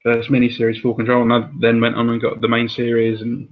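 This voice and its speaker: A man's voice: mid-range voice, monotone, fast talker. A man hosting a casual chat about comics, chatty with laughing asides. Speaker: host. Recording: dull lo-fi sound.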